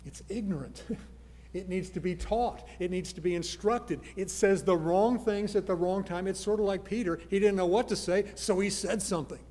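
A man preaching a sermon, earnest, moving from soft pleading to loud emphasis. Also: high-pitched, normal speed, in a large hall. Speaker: pastor.

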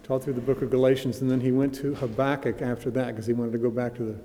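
A man leads a Bible study in a very dark, mellow voice that rings with the long reverb of a large hall. He talks conversationally, stumbling into restarts, then slows right down to stress quoted scripture. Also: medium pitch, little pitch movement, a little hiss or hum. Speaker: Bible teacher.

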